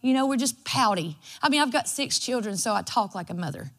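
A woman's voice: on the high side, expressive, a little fast. A woman, preaching a devotional sermon in a folksy storytelling way. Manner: folksy and storytelling, acts out her own quotes.

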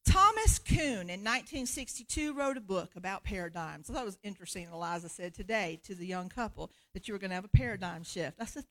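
A woman preacher giving a sermon in an animated, conversational way, laughing often. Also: mid-range voice, quick pace, hardly any pauses.

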